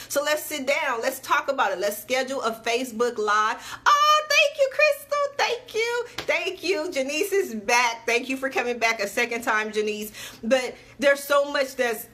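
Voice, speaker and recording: A woman's voice: fairly high pitch, bright, forceful tone. Chatty upbeat woman on a livestream. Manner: chatty, upbeat, repeats dates for emphasis. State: sweating, patting herself dry. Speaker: TV network CEO. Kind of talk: casual Facebook Live talk to viewers.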